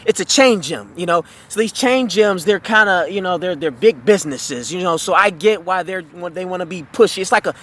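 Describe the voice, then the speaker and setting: Man, high-pitched, casual storytime rant, profane, heated, rambling. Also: lively intonation, a little fast, hardly any pauses, fairly bright tone. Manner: rambling with many fillers and restarts. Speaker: vlogger telling a story.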